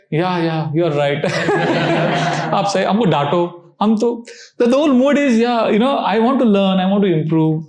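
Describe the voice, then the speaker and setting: A man giving a scripture class, telling stories in an animated way and laughing often. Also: on the high side, reverberant. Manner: animated storytelling, laughs often, mixes Hindi phrases. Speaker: spiritual teacher.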